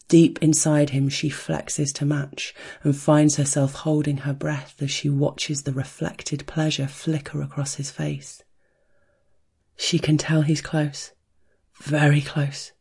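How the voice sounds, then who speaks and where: Hushed, breathy slow-reading narrator. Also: mid-range voice. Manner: slow, hushed, rhythmic reading with soft whispered stretches. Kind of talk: scripted erotic story narration.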